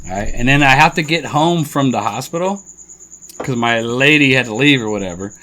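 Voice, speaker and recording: A man's voice: mid-range voice, expressive, brisk, pushed and bright. A man co-hosting a podcast, telling a story in a laid-back, profane way and saying "dude" constantly. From Colorado. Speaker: podcast co-host. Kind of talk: casual chat, storytelling.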